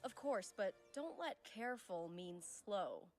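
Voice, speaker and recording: An actress playing a driven, demanding female corporate executive in a video game, crisp and businesslike. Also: medium pitch, lively intonation, slow pace, a little mellow, faint music behind. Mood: firm.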